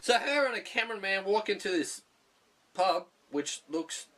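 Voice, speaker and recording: A man's voice: sits high, animated, moderate pace, fairly bright tone, soft background music. An Australian man giving a comedic film review, profane, jokey and sarcastic. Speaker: movie reviewer.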